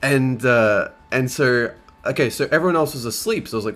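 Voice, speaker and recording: A man's voice: mid-range voice, a little fast, fairly bright tone, soft background music. A young man, casually answering fan questions and telling crude stories, swearing often and laughing as he goes. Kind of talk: casual Q&A storytelling.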